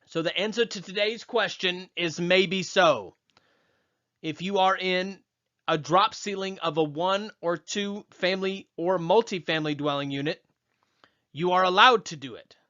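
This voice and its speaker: A man explaining an electrical code question in a playfully put-on accent, in measured, spelled-out steps. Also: high-pitched, pushed and bright, voice pushed up. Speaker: electrical exam coach. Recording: dull lo-fi old video.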